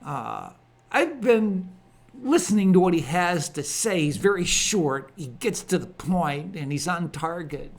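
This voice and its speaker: Slow, deliberate man with emphatic phrasing. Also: fairly high pitch, animated. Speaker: ministry host giving a monologue. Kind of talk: solo spoken commentary monologue.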